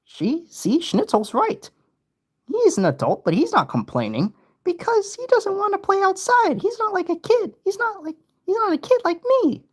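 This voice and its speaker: A squeaky, whiny little boy, his voice jumped way up high. The lines bounce around excitedly in a childish sing-song. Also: normal speed, full character voice.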